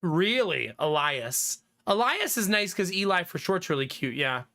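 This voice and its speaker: A man in his thirties chatting casually with his stream viewers, reading their messages aloud and laughing often. His voice is bright and clear. His pitch swings widely as he talks. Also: sing-song, measured pace. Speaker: livestreamer.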